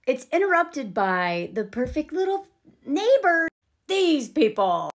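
A woman's voice: high-pitched, very animated, slow. A young woman, chatting opinionatedly through a movie reaction. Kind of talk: casual movie commentary.

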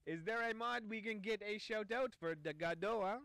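A man's voice: high-pitched, moderate pace, gravelly, fairly bright tone, clear, resonant tone, dry recording. A man live-streaming who talks casually in an exaggerated, mock Quebec French accent, ending lines with "eh?". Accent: exaggerated Quebec French (put on).

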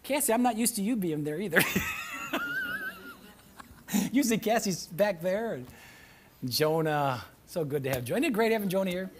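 A male pastor preaching a sermon to a church congregation, animated and often breaking into shouts. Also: high-pitched, moderate pace, pauses often, crowd noise. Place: church sanctuary with live audience.

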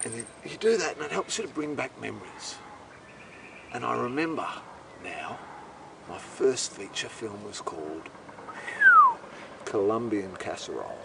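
Australian man, comic storyteller, rambling, profane, incredulous, lively pitch, distant mic. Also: measured pace, creaky, pauses often, heavy background noise. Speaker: host.

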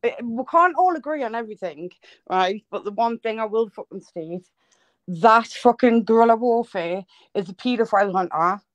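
A woman's voice: fairly high pitch, animated, moderate pace, no echo, highs cut off. Live-stream host, woman, profane and heated, dry close sound. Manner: sweary, heated, blunt. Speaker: livestream host.

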